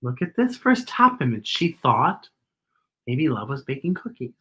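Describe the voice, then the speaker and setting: A woman reading a picture book aloud to children, animated and pointing out the illustrations. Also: rumbling low, unhurried, breathy edge. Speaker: children's storyteller.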